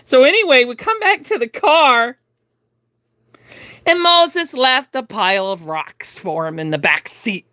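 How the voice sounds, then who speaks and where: Animated woman telling a story to her live chat. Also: fairly high pitch, a little slow, no room sound, clean studio sound. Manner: animated, laughs often, acts out the other people in her stories. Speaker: livestream host.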